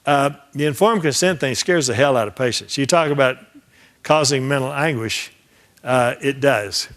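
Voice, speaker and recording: An older man lecturing a class like a trial lawyer swapping war stories. He talks in a loose, conversational way, slips into the voices of the people in his cases, and often stops and restarts mid-sentence. His voice sits at an ordinary middle pitch. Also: moderate pace, a bit bright. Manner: conversational storyteller who acts out quoted dialogue; frequent restarts and repeated words. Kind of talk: anecdotal lecture.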